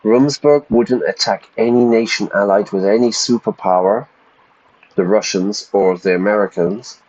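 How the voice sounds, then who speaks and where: Slightly low-voiced man, chatty teacher type, reading game text aloud and explaining words. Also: normal speed, darkish tone, muffled recording. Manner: chatty, stops to explain vocabulary; stumbles over repeated words. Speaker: English teacher streaming a game.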